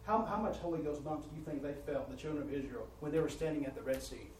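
A man preaching a sermon, rising in volume and pitch as he presses his points and often repeating words. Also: fast talker, darkish tone, a little hiss or hum. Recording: roomy church sound from a distant mic.

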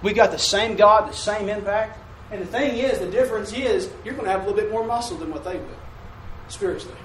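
Folksy preacher in an echoey church. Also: male voice, high-pitched, fast, darkish tone. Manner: folksy call-and-response preaching with asides. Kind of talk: sermon. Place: church sanctuary. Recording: echoey room from a distant mic.

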